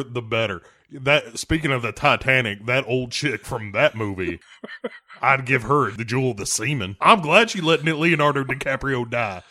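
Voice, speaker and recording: A man's voice: medium pitch, pushed and bright. A man co-hosting a casual comedy podcast, narrating a movie plot with crude jokes and frequent laughter. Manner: crude, laughs often, narrates scenes and quotes characters. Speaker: podcast co-host.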